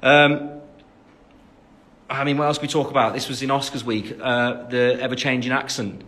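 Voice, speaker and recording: Answering fans on a casual phone livestream, this young West Midlands man reads their questions aloud between frequent ums. His mid-range English-accented voice is a bit bright, with a level tone and moderate pace.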